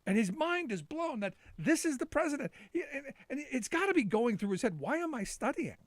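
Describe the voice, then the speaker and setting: A middle-aged man hosts a live call-in show in a sarcastic, rambling monologue, often restarting his sentences. His voice sits high for a man and is captured close with almost no room sound. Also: big pitch swings, a little fast, dry recording. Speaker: talk show host.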